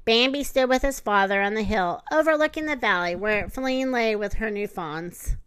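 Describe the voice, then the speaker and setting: A woman reading a children's storybook aloud, gentle and expressive. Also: fairly high pitch, moderate pace, clear, resonant tone, dry recording. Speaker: narrator.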